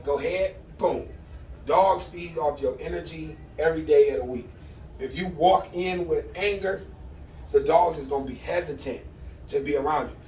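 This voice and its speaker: A man's voice: a little high, darkish tone, a little hiss or hum. A man training his puppy on a casual instructional vlog, talking in a laid-back, conversational way and repeating commands to his dog. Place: at home with his dogs. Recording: roomy, distant mic with faint ambience.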